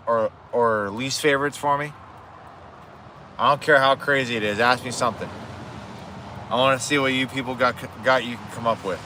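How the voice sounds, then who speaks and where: Cooking live outdoors at a home cookout, a streamer chats casually with viewers in a mid-range, bright, forceful voice, swearing now and then. There is slight background noise.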